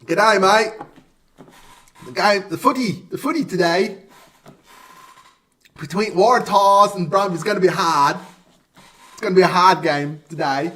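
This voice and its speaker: A man's voice: high-pitched, unhurried, long pauses, a bit bright, distant mic. A man putting on a weak Australian-style voice, in a hammy and hesitant way. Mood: playful.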